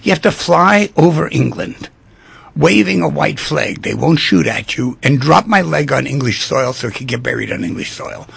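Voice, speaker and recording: A man voicing a wounded English pilot held captive, earnest and bargaining, in a gravelly, husky voice. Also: medium pitch, expressive, normal speed, a bit bright, heavily acted.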